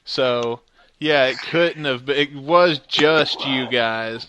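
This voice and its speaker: A man's voice: medium pitch, slow pace, background noise. A man co-hosting a casual chat, asking follow-up questions, laughing often and swearing casually.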